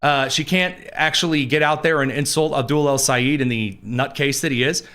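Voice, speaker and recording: A man's voice: medium pitch, steady tone, normal speed, a bit bright, clean tone. A man hosting a political commentary show, talking in a sarcastic, rambling way. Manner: sarcastic, digressive. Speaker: host.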